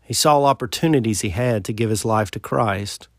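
A man preaching a sermon in an earnest voice, asking rhetorical questions and swelling louder before dropping low. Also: normal speed, dry recording, studio quality.

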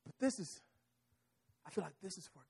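A pastor delivers his sermon like a conversation, weaving personal stories into his message. His voice sits a little high, and his pitch swings widely. He talks in an animated way, often restarting his sentences. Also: normal speed, vocal fry, slightly rough.

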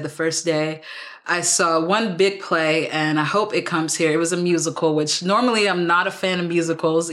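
A young woman with a Texan accent, chatting as a podcast guest in an animated, rambling way full of fillers. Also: deep voice. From Houston, Texas. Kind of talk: casual conversation.

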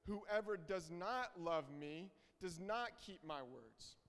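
High-voiced young preacher in a reverberant hall. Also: male voice, lively intonation, slow pace, fairly bright tone. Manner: earnest, emphatic, repeats key phrases. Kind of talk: sermon. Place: church hall.

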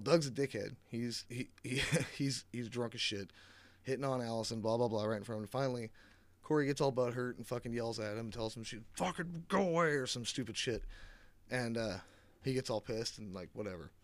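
A man's voice: medium pitch, fairly even intonation, a little fast, dry recording. A man giving a casual, rambling movie recap, swearing often, sarcastic and full of fillers, on a close mic. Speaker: movie reviewer.

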